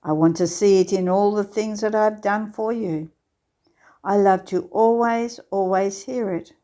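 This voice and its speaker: A woman reading a devotional text aloud in a slow, measured, tender recitation. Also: mid-range voice, fairly even intonation, warm tone. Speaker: devotional reader. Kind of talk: scripture-style devotional reading.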